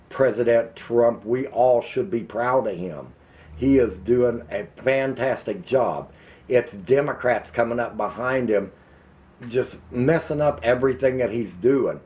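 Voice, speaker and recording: A middle-aged man with an Ozarks accent, delivering a heated, emphatic rant to camera and slowing down to hammer his points. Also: on the low side, warm tone. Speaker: vlogger. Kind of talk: angry political rant to camera.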